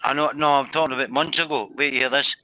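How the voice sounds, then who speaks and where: Panel guest, very sharp forceful voice, rambles on with his stories. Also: medium pitch, steady tone, quick pace, no echo. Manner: long rambling stories, keeps repeating himself, swears. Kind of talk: casual banter on a live stream. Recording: dull, dry lo-fi sound.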